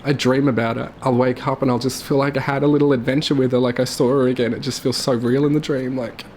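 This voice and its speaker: A young man telling his late mother's story to camera, tearful and halting, with his voice breaking. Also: medium pitch, fairly even intonation, darkish tone, a little hiss or hum. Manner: halting, full of fillers and restarts.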